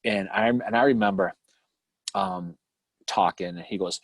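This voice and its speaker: A man's voice: deep voice, fairly even intonation, a little slow, vocal fry, no echo. A middle-aged man from the Boston area with a Boston accent, co-hosting a casual live stream, rambling through old memories, swearing freely and laughing often. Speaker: podcast co-host.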